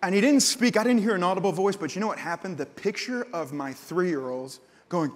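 A man in his thirties preaching a sermon, telling stories and acting out voices, swinging from loud outbursts to hushed prayer. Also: high-pitched, brisk, hardly any pauses. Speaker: pastor. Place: large church hall. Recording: church hall with long reverb.

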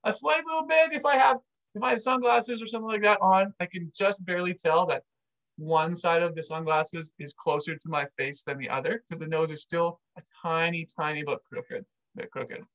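A man's voice: sits high, fairly even intonation, fairly quick, a bit bright, poor audio. A man, an army veteran, casually telling a personal story to camera and acting out the dialogue with animation.

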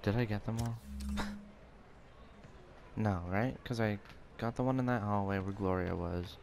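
A young man talks through his gameplay in a loose, joking way, full of slang and quick reactions. His voice sits on the low side, with a faint hiss in the background. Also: steady tone, vocal fry, a little mellow. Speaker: gamer. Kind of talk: casual gameplay commentary.

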